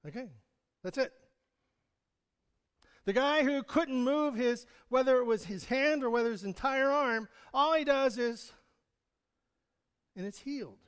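High-voiced preaching man in a reverberant hall. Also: unhurried, pauses often, clear, resonant tone. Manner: conversational, chuckling, questions the congregation. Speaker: pastor. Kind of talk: sermon. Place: church sanctuary.

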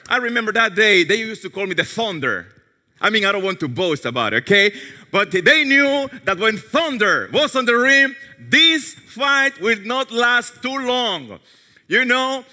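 A male pastor delivers a sermon in a high, very bright and forceful voice, full of animated, self-mocking storytelling. His pitch leaps around, and he sinks to a hushed, low tone for quoted words. The sound carries a long reverb, as in a large hall.

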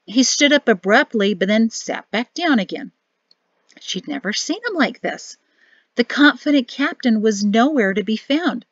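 A woman's voice: on the high side, animated, normal speed, no room sound, lo-fi sound. A woman narrating a novel as an audiobook reader, reading expressively. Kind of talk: scripted narration.

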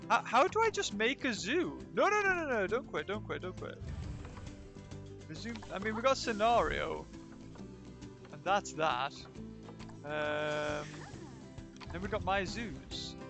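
This recovering streamer's voice sits high and creaky, very animated yet slow, with many pauses and music playing behind. He chats casually and answers viewers' chat while playing a zoo-building game on livestream.

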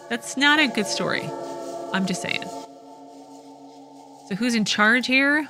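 A woman's voice: a little high, slow pace, pauses often, sharp tone, soft background music. A woman hosting a let's play, wryly reading the game's dialogue aloud and commenting as she plays. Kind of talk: casual gameplay commentary.

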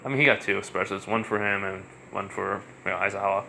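A man's voice: lowish voice, fairly even intonation, fast talker, vocal fry, pushed and bright, slight background noise. Rambling young man telling a fan story. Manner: rambling, full of fillers. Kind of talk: casual fan-fiction storytelling.

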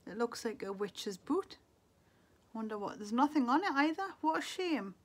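A woman's voice: on the high side, big pitch swings, normal speed. A middle-aged woman from England, chatting to camera as a beauty vlogger, muttering to herself in a wistful, casual way. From Northeast England.

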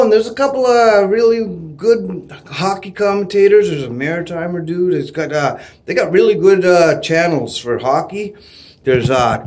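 Excitable man with a lively high voice. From Canada. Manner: excitable, laughs a lot, whoops loudly. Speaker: vlogger. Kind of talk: excited casual vlog. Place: home, indoors.

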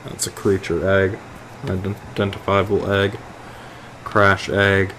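A man's voice: sits low, level tone, unhurried, a bit bright, slight background noise. A young man giving rambling, profane, joking commentary while playing a video game. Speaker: gaming video host. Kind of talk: casual gameplay commentary. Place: indoors at home, late at night.

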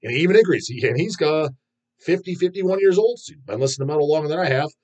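A man's voice: on the high side, expressive, quick pace, darkish tone. A man hosting a metal video channel, ranting in a rambling, profane and scornful way. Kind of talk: casual ranting vlog.

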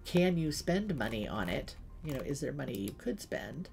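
A woman's voice: extremely low pitch, big pitch swings, moderate pace, vocal fry, darkish tone, faint music behind. A middle-aged woman streaming a game, chatting and telling stories between asides to the game. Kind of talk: casual gaming livestream chat.

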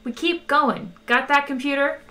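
Woman doing a brash, loud space captain guy. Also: high voice, steady tone, normal speed, pitched above the performer's own voice. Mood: bossy. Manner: loud, offhand, bossy.

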